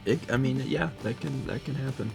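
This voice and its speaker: A man's voice: mid-range voice, a little fast, gravelly, music in the background. A man co-hosting a live stream, chatting casually and reading out viewer messages with a laid-back manner and frequent chuckles.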